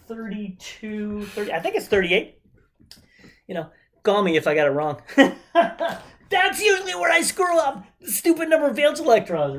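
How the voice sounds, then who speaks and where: A woman teaching a chemistry lesson remotely in a chatty way, with joking asides while she counts aloud. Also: medium pitch. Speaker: chemistry instructor. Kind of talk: casual remote lecture.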